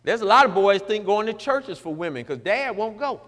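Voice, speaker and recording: A man's voice: high-pitched, expressive, a little fast, fairly bright tone, big-room sound. A middle-aged man preaching in a folksy, joking, emphatic way. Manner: folksy, joking, emphatic, mocks formal prayer. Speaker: pastor. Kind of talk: sermon-style radio talk.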